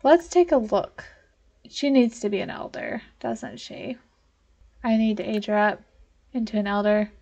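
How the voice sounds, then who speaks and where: A woman's voice: on the high side, a little slow, creaky, pauses often, darkish tone. A young woman giving casual gameplay commentary as a let's play host, talking straight to the characters on screen and getting exasperated with them. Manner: talks to the game characters, easily exasperated.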